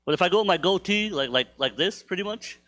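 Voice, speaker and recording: Young guy on a comedy club stage, kinda high voice, rambly, lots of "like" and "you know", pokes fun at himself. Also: animated, quick pace, a bit bright. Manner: rambling, filler-heavy, self-deprecating, with bursts of high-pitched put-on voices. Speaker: stand-up comedian. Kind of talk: stand-up comedy set.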